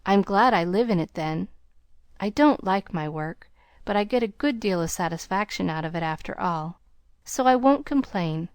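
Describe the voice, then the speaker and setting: A woman reading the lines of a shy, sincere young woman in an audiobook, soft-spoken and timid. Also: medium pitch, animated, normal speed, clear, resonant tone, dry recording, studio quality, close to an everyday voice.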